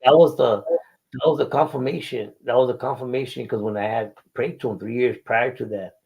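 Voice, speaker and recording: A man's voice: medium pitch, brisk, gravelly, slightly rough, dull audio. A middle-aged man casually telling his life story in an interview, using street slang and Spanish words and often repeating himself.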